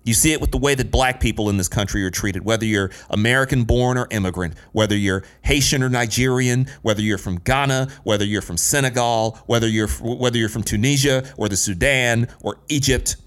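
A man's voice: mid-range voice, a little fast, hardly any pauses, fairly bright tone. A man in his late thirties telling a personal story in an earnest, emphatic way, building his points through repetition. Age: late 30s.

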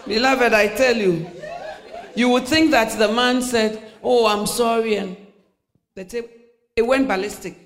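A woman's voice: on the high side, steady tone, measured pace, pauses often, some chatter behind. A middle-aged woman preaching a sermon, telling stories with laughter, acting out voices and dropping to near-whispers.

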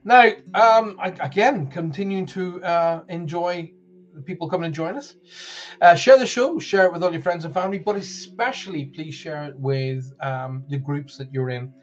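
A man's voice: on the high side, normal speed. Northern irish guy rambling through a live stream, lots of ums, kinda dull lo-fi sound. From Northern Ireland. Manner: chatty, rambling, many fillers and restarts. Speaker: spiritual show host. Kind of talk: live-streamed chat show.

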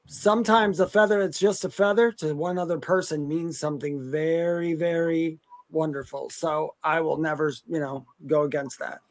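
Man, high pitch, easygoing, rambling, live-stream co-host. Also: steady tone, moderate pace, hardly any pauses. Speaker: co-host, psychic medium. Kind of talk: casual live-stream chat.

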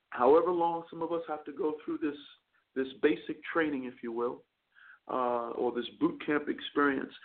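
A man who is a chaplain and radio show host, preaching a sermon with repeated words and fervent build-ups. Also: fairly high pitch. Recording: tinny phone-line audio.

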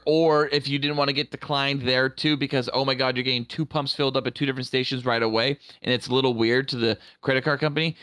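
A man's voice: mid-range voice, sharp tone, smooth, no room sound. A man co-hosting a podcast in casual, crude, rambling chat. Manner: rambling, crude, laughs easily. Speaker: podcast co-host.

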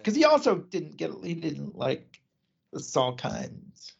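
This podcast co-host is a man whose fairly high voice is gravelly with a breathy edge, his pitch swooping wildly as he talks slowly. In casual film chat, he wanders through a movie's plot, dropping fillers, asides, and laughs along the way. The recording is dull, lo-fi podcast audio.

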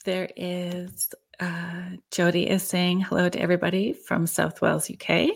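A woman's voice: lowish voice, little pitch movement, normal speed, vocal fry. A woman in her forties hosting a podcast, friendly and chatty, reading out viewer comments and sharing a story. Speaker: podcast host. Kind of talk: casual chat.

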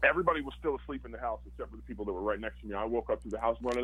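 A man's voice: mid-range voice, racing, few pauses, pushed and bright, slight background noise, rough recording. A man, a former football player, telling his story casually and animatedly, acting out quotes with lots of fillers.

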